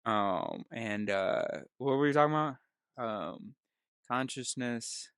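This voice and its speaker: Speaking slowly and expressively at a medium pitch, this male video host delivers a meandering solo talk, often interrupting himself and laughing at himself. His tone is clean and a bit bright, and the recording is dry and close.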